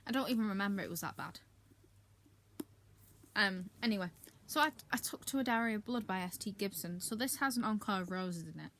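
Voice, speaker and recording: A woman's voice: mid-range voice, fairly quick, a bit bright, slight background noise. A woman giving a casual, candid wrap-up of her monthly reading, chatty with frequent filler ums and blunt asides. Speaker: book reviewer.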